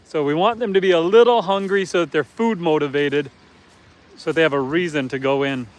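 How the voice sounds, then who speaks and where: A man's voice: a little high, fairly quick. A man chatting casually on a live stream outdoors on his farm, explaining his chores as he works. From Canada. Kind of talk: casual live-stream chat, reading viewer comments. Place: outdoors on a farm near a truck and pigs.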